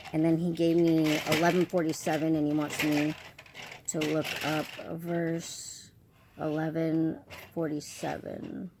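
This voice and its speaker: Fervent low-voiced woman over clicking noise. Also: steady tone, measured pace. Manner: fervent, repetitive, emphatic declarations; restarts and corrects herself mid-message. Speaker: self-described prophetic channel. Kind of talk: relaying prophetic messages on camera. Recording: loud clicking noise behind voice. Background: noisy clicking toy sounds.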